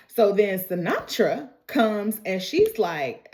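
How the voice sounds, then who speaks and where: A woman in a casual vlog, recapping and reacting to a TV episode in an animated, slangy, chatty way. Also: medium pitch, slow pace, few pauses.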